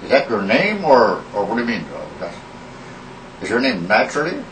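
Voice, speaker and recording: A man's voice: mid-range voice, sing-song, a little fast, a bit bright. A man playing a crude, blustering uncle who swears heavily at a teacher in an improvised comedy sketch. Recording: echoey, distant, noisy amateur recording.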